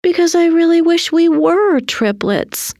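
Strange storybook girl, high and scheming, voiced by a woman. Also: expressive, unhurried, darkish tone, no room sound, clean studio sound, exaggerated voice. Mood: wistful. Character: odd, cruel young girl.

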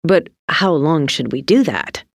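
A woman voicing an odd, cruel little boy with a flat, deadpan delivery. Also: low-pitched, measured pace, no room sound, clean studio sound, exaggerated voice.

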